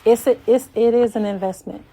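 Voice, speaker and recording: A woman recording a reflective voice note as a life coach. She talks slowly and with emphasis, repeats her lines like affirmations, and grows emotional until her voice drops toward a whisper. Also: on the high side, steady tone, mellow.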